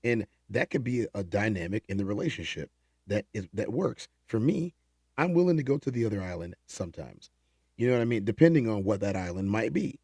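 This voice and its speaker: Lively low-voiced male livestream host. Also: fairly quick, slightly rough, dry recording, studio quality. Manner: animated, repeats words and restarts. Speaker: livestream host reading chat. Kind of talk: casual late-night chat.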